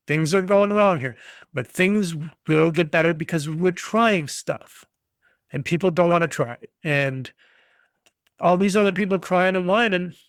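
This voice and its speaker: A man's voice: high-pitched, a bit bright, no room sound, clean studio sound. A middle-aged American man hosting a solo podcast, ranting bluntly and swearing freely. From United States. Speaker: podcast host.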